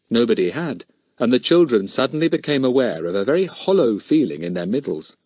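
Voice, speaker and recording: A man narrating a children's storybook as an audiobook, expressive and measured. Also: mid-range voice, breathy edge, no room sound, studio quality.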